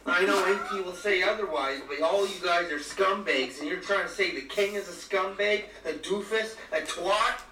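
Comedy podcast guy, british, bright higher voice, over-the-top ranting, roomy and off-mic. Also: moderate pace, few pauses. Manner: over-the-top faux outrage, theatrical. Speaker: podcast co-host. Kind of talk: comedic mock rant. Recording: roomy, distant mic, faint noise.

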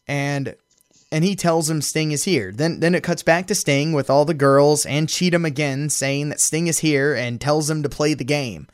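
A man's voice: a little high, no room sound, studio quality. A man hosting a podcast, recapping a wrestling show in casual chat, amused and storytelling with frequent fillers. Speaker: podcast host.

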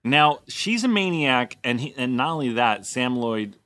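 Laid-back joking man, bright voice. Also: mid-range voice, very animated, a little slow, dry recording. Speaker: podcast co-host. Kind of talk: casual chat.

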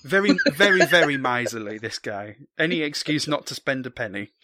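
A man's voice: mid-range voice, expressive, fairly quick, pushed and bright, no echo, clean studio sound. Chatty man recapping a film. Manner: chatty, jokey, sweary, many ums. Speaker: podcast co-host. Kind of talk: casual film recap chat.

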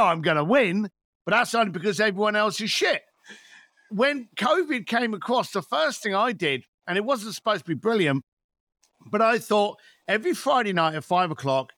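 A man's voice: high voice, bright, forceful tone, no room sound, clean studio sound. A man in his fifties, a podcast guest telling stories in a blunt, swearing, rant-like way. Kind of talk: podcast interview.

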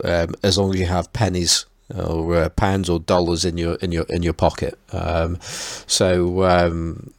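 A man's voice: low-pitched, dry recording, clean studio sound. A man co-hosting a casual podcast, talking hesitantly with stammers and restarts. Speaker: podcast co-host.

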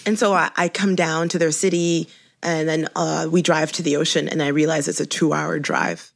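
A woman's voice: low voice, flat delivery, moderate pace, gravelly. A woman guest on a podcast, chatting casually and telling a long story with many restarts and stammers. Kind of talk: casual chat.

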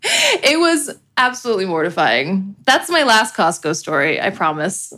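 Giggly, chatty woman with a lively voice. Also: medium pitch, normal speed. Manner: giggly, chatty, many filler likes. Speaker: podcast co-host. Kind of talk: casual chat.

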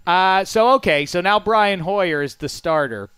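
A man's voice: sits high, lively intonation, measured pace, a bit bright, smooth, no echo. A man hosting a casual sports talk show, joking and rambling with his co-hosts. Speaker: host. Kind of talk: casual sports radio banter.

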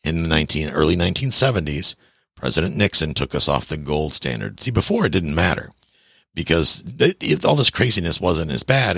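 A man with a gravelly voice, ranting to viewers about money in a blunt, sarcastic way with folksy slang. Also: a bass voice, a bit bright, no echo, clean studio sound. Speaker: veteran talking about money. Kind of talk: casual rant to viewers.

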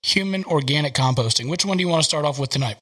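A man's voice: on the high side, lively intonation, rapid-fire, fairly bright tone. A man from the South hosting a podcast from his home office, rambling casually with lots of fillers. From American South. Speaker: podcast host. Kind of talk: casual chat.

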